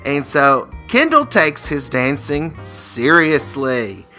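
A playful man co-hosting a comedic game segment, reading out jokes with a laugh never far off. His voice sits a touch high and rings bright and forceful. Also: big pitch swings, soft background music. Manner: playful, quick to laugh, reads jokes aloud. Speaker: co-host.

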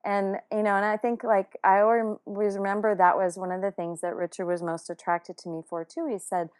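A woman telling a personal story in a lively, chatty way. She talks in a mid-range voice, loose and full of fillers and false starts. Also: mid-range voice, moderate pace, smooth. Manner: animated, many fillers and restarts.

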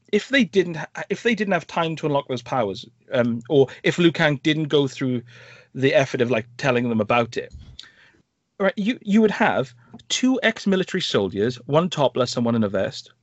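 Brief: male podcast host, animated and sarcastic film review, dry dull mic. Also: on the high side, dry recording. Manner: animated, rambling, sarcastic asides. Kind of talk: casual film review chat.

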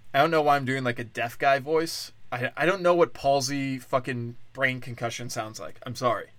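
A man's voice: mid-range voice, moderate pace, hardly any pauses, no echo. Drunk man ranting on a podcast. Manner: crude, rambling, swings between loud outbursts and mutters. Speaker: podcast host. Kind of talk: unscripted solo comedy podcast rant.

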